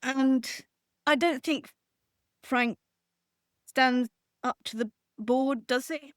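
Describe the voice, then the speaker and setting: A woman's voice: high-pitched, takes it slowly, no room sound, clean studio sound. A woman co-hosting a podcast, talking football in a wry, blunt way. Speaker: podcast co-host. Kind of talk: casual football chat.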